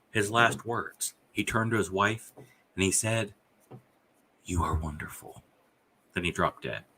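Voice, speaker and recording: A man's voice: fairly low pitch, pushed and bright, slight background noise. A man hosting a casual podcast, rambling and swearing freely as he trades trivia with his co-host. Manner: rambling, profane, reads out chat messages.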